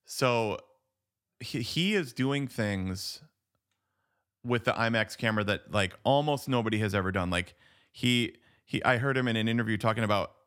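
A man's voice: on the low side, normal speed, a bit bright. A man co-hosting a casual movie podcast, rambling through his thoughts with lots of "like" and restarts and frequent laughs. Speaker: podcast co-host. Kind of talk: casual chat about a film.

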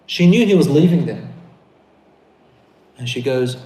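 A man preaching a sermon to brothers and sisters, telling a story with animated, rising emphasis. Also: mid-range voice, a little slow, long pauses. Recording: echoey room.

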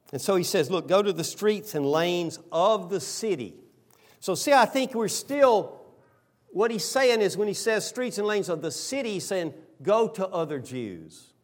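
A middle-aged man, a pastor, preaching a sermon with animated delivery, swinging from loud exclamations to soft, earnest appeals. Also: high voice.

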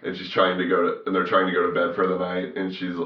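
A man's voice: low-pitched, completely flat delivery, fast. A man co-hosting a podcast, recapping a film in rambling casual chat, full of fillers and restarts. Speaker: podcast co-host. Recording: roomy, dull lo-fi sound.

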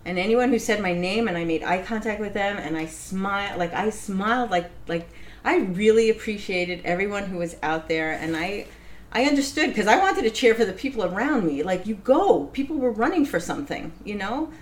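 A woman being interviewed, telling a personal story in a casual, animated way, laughing often and acting out what others said. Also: medium pitch, brisk. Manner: animated, laughs often, acts out quoted voices. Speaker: interview guest.

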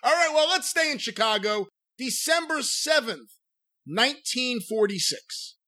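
A man's voice: very high-pitched, animated, measured pace, bright, forceful tone. A man hosting a casual chat, asking curious questions and laughing along. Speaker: podcast host.

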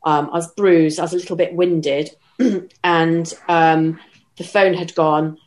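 Low-voiced woman recounting an ordeal. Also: fairly even intonation, darkish tone. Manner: measured, halting retelling with restarts. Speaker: interviewee. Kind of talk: personal account in an interview.

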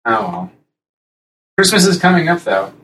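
Rambling animated male podcast host. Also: moderate pace, echoey room, recorded from a distance, slight background noise, low-quality recording. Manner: rambling, animated, jumps into high-pitched impressions. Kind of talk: casual chat.

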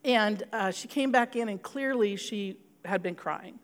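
A woman's voice: mid-range voice, unhurried, in a large hall. A middle-aged woman pastor giving an earnest sermon, telling a personal story and leading into prayer.

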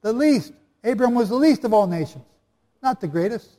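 A man's voice: high-pitched, expressive, brisk, mellow. A man preaching and teaching the Bible to a live audience, chatty and jokey, often quizzing the listeners. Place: hall before a live audience. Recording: long reverb of a large hall.

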